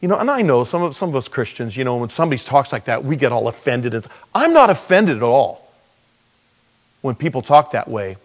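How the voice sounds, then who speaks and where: Man preaching in an echoing hall. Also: a little fast. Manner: animated preaching with rhetorical questions and sudden pitch jumps. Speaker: pastor. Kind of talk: sermon. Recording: long reverb of a large hall.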